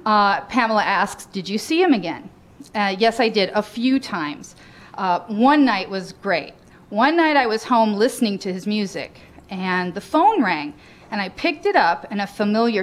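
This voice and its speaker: A woman's voice: mid-range voice, animated, normal speed. A woman reading aloud from her own memoir in a frank, cheeky storytelling manner, laughing often between lines.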